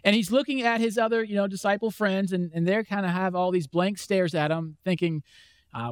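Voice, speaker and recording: A man's voice: sits high, moderate pace, no room sound. A man preaching a conversational sermon as a pastor, acting out the questions of imagined listeners. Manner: conversational, acts out imagined voices.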